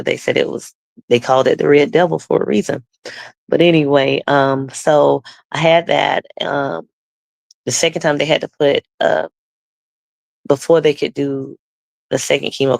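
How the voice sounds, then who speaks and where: A woman's voice: a bass voice, creaky, no echo. A woman guest telling her personal faith testimony, acting out the people in her story and often losing her words and restarting. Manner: loses her words and restarts mid-sentence.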